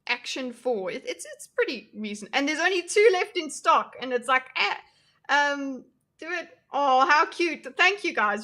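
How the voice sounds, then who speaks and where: A young woman hosts a casual livestream, reacting to her chat in a self-deprecating way and laughing often. Her high voice is bright and forceful, with lively intonation and an unhurried pace.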